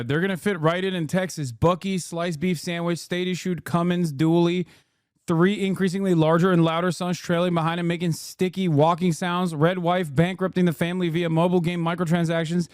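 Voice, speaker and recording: A man's voice: high voice, dry recording. A man doing casual livestream commentary, sarcastic and profane, riffing and talking into a close desk mic. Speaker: streamer and political commentator.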